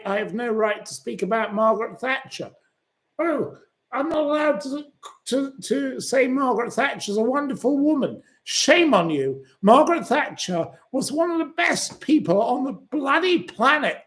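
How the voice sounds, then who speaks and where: Slow-talking ranting man. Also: extremely high pitch, lively intonation. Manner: ranting and swearing at commenters. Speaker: channel host. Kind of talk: livestream rant reading viewer comments.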